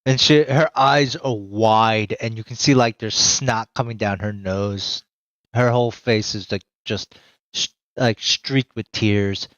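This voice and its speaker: A game master narrates a tabletop game slowly, pausing and filling gaps with fillers. The sound is dull and lo-fi, dry and close. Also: medium pitch, fairly even intonation, a bit bright, no echo. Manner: slow, hesitant, with fillers.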